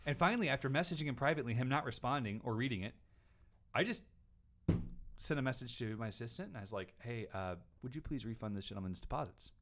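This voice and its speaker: A man hosting a casual question-and-answer show, telling stories in an animated way and sometimes acting out other people. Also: fast, a little hiss or hum. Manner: animated storytelling, mimics people in high voice. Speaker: host answering viewer questions. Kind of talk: casual chat.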